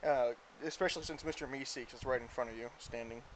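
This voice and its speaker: A game master narrating a tabletop game, chatty and animated with lots of fillers. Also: mid-range voice, fast, background noise.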